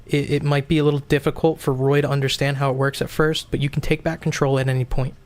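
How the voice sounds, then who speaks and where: A man's voice: mid-range voice, flat delivery, fast talker, darkish tone. A man as game master, patiently explaining rules and checking in with his player. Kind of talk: running a tabletop game.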